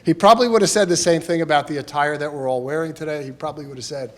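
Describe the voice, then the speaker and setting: A man's voice: fairly high pitch, racing. A middle-aged man at a podium microphone in a funeral chapel, giving a eulogy full of humorous anecdotes and chuckling through the stories.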